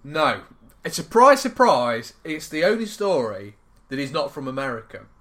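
High, lively-voiced man reading news for laughs. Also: normal speed. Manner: laughs through his reading, animated. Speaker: podcast co-host reading news stories. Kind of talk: casual comedic podcast chat.

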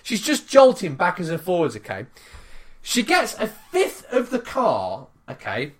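A podcast co-host, telling an angry story in an excitable, sweary way and mimicking people. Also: mid-range voice, measured pace, a little hiss or hum. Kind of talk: animated storytelling rant.

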